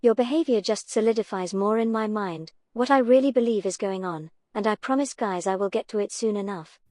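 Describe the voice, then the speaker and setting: Woman commentator, sarcastic and cutting, mid-pitched, dead-dry recording. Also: brisk, warm tone, no echo. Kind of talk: reaction commentary voice-over.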